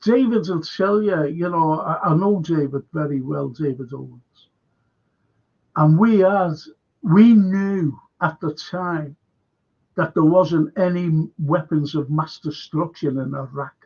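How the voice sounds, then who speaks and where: Livestream host: man, gravelly and husky voice, slightly high pitch, rambling chat style, dull lo-fi audio. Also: slow pace. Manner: rambling, reads viewer comments aloud, trails off mid-sentence. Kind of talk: casual current-affairs livestream chat.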